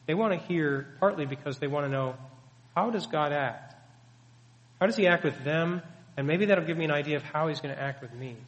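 A man's voice: fairly high pitch, fairly quick, lo-fi sound. A man preaching a sermon, teaching earnestly and emphatically with many rhetorical questions. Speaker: pastor. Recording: long hall reverb.

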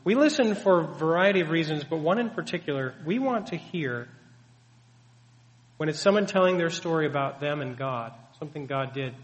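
In a long, reverberant hall, a pastor delivers his sermon at a moderate pace with a fairly high pitch and lively intonation. His teaching is earnest and emphatic, full of rhetorical questions.

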